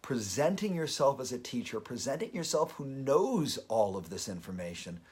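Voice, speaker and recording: A man's voice: medium pitch, big pitch swings, normal speed, darkish tone, slightly rough. A man hosting a daily live video, talking earnestly and openly emotional as he gives motivational advice. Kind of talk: motivational live-stream talk.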